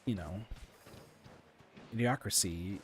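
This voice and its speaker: A low-pitched man talks slowly over faint background music as he plays a game on stream. His casual chat is rambling and candid, heavy with fillers and restarts as he vents his frustrations.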